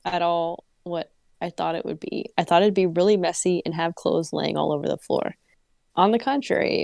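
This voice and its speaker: A woman's voice: fairly low pitch, gravelly, darkish tone, dry recording. A woman co-hosting a casual podcast, reading a story aloud and breaking off to laugh and joke. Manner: reads prose evenly, breaks off laughing and joking. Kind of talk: casual read-aloud with chat.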